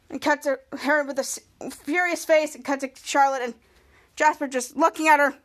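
High-voiced woman recapping a TV episode. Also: fairly even intonation, a little fast, fairly bright tone. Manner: reads quoted lines in a livelier voice, many restarts. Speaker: podcast host.

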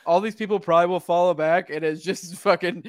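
A man's voice: high voice, steady tone, a little fast, dry recording. A man from Maine chatting on a podcast, laughing often, stammering and swearing casually. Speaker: podcast co-host.

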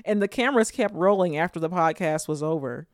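A podcast co-host chatting casually about politics, jokey and animated, laughing often. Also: mid-range voice, a little fast, no room sound, studio quality.

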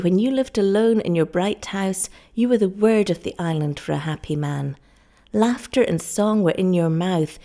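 A woman's voice: fairly low pitch, vocal fry, dark tone. A woman reading the part of a loving, devoted young island wife in an earnest, pleading voice.

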